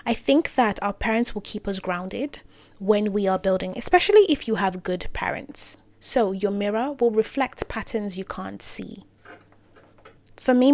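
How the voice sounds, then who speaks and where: A woman talking casually to camera with career advice, full of playful asides and self-corrections, sometimes dropping into soft near-whispers. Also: medium pitch, dry recording. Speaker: creator giving career advice.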